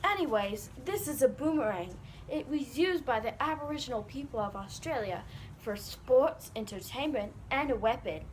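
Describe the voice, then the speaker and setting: Brief: high-pitched girl, playful school-project presenter who drops crikey and mate. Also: animated, moderate pace, a little hiss or hum.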